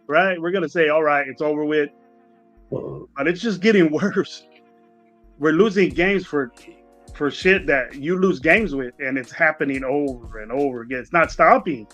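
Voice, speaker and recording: A heated man on a sports podcast, driving his points home with repeated phrases. His voice sits a little high and sounds dry and close, with faint music behind it. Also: a bit bright, no room sound, lo-fi sound. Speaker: podcast co-host. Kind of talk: casual postgame rant.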